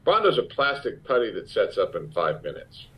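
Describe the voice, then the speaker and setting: A man recounts a story as an interview guest, his pitch swinging widely as he acts out what others said. He swears freely and talks with energy. The sound is dull and lo-fi. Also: normal speed, husky. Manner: animated, profane anecdote-telling with acted-out quotes. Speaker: actor guest.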